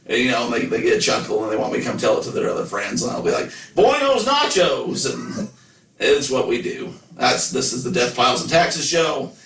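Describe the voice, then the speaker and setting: A man's voice: mid-range voice, fast talker, few pauses, a bit bright, roomy sound, recorded from a distance, rough recording. A man hosting a casual podcast, rambling and joking about himself in a loose, self-deprecating way. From United States. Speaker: podcast host. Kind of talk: casual chat.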